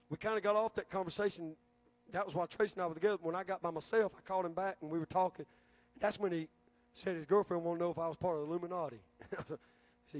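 A man's voice: high voice, quick pace. A male pastor preaching a sermon in a folksy storytelling way, often repeating words as he restarts a phrase.

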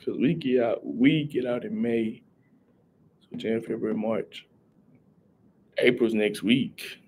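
A young man talks loosely into a headset mic, greeting chat as he goes. His voice sits at an ordinary middle pitch. A faint noise runs under the recording. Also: unhurried, darkish tone. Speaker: live streamer. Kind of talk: casual live-stream chat.

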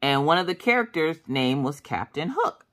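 Deep-ish lady vlogger, super animated storytelling, chatty and full of asides. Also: normal speed. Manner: animated, acts out voices in quotes; chatty, with many fillers and asides. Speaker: craft vlogger. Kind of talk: casual storytelling chat.

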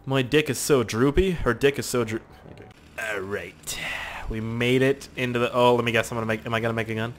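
A young man giving let's play commentary, excitable and profane, yelling at the game. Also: medium pitch, fairly quick, a little hiss or hum. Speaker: gaming youtuber.

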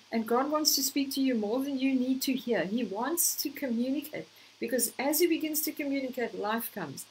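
A woman's voice: sits high, lively intonation, normal speed, a little mellow, a little hiss or hum, poor audio. A woman preaching a sermon in an earnest, exhorting way, telling personal stories to encourage her listeners.

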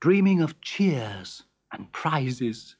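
A woman narrating a children's story in a lively, expressive reading. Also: rumbling low, drawn-out words.

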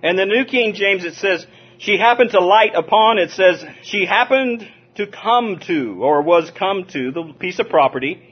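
A man from Southern California preaching a lively sermon, drawing call-and-response from his listeners and chuckling between points. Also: high voice, normal speed, husky. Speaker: pastor. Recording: dull lo-fi sermon recording.

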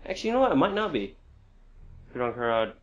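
A man commentating while he plays a video game, reacting with frequent excited outbursts and exclamations. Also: medium pitch, fast, dull audio, soft background music. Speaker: gamer. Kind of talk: gameplay commentary.

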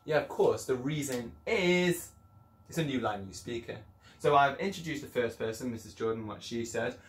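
A man's voice: mid-range voice, normal speed, echoey room. A man teaching children an English lesson in a chatty, encouraging way, explaining things step by step. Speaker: primary school teacher.

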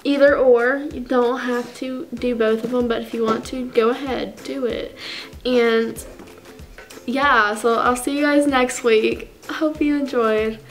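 A woman's voice: on the high side, steady tone, unhurried. A woman vlogger giving a chatty, playful sign-off to her viewers, with faint music behind her. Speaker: vlogger host. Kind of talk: casual video outro.

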